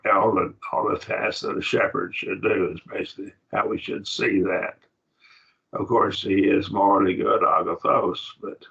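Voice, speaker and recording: A man's voice: sits low, creaky, pushed and bright, slightly rough. A man teaching a classroom grammar lesson, patiently repeating words as he explains. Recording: dull lo-fi recording.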